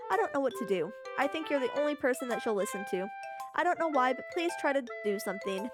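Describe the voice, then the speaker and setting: Woman voicing a worried, blunt young game girl, earnest pleading read, somewhat high voice, clear music behind. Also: natural voice. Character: worried, blunt young female club member.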